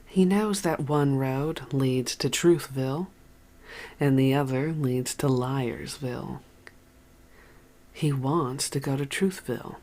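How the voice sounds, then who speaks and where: A reflective former prisoner muses on truth and lies in a calm, plain-spoken manner, as an audiobook reader voices him. He speaks slowly and unhurriedly, at an everyday mid pitch. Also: natural voice. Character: philosophical man, former prisoner, fond of riddles.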